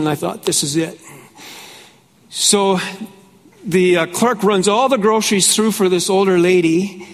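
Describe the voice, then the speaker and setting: A man who is a pastor, preaching a conference sermon in a chatty storytelling way, often laughing and asking "right?", and growing fervent. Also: high voice. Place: conference hall. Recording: hall with long reverb.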